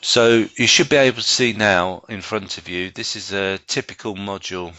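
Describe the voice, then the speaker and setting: A man giving a live software training presentation to staff, explaining step by step with frequent ums and restarts. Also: lowish voice, moderate pace, no echo. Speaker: learning technologist giving a staff training session.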